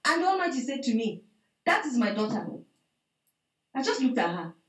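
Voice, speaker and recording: Woman testifier, fairly high, roomy call audio, tells it vividly. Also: moderate pace. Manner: animated storytelling, acts out dialogue, repeats "I said". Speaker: church member giving testimony. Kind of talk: spoken testimony to a prayer meeting. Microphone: video call.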